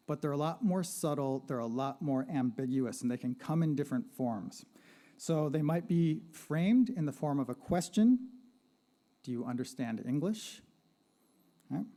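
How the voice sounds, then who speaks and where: Mellow-voiced man lecturing an audience. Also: fairly high pitch. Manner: conversational, often checks in with "right?" and "okay?"; asks the audience questions and invites participation. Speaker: panel speaker and lecturer. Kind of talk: lecture-style presentation to a live audience. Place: art gallery panel event.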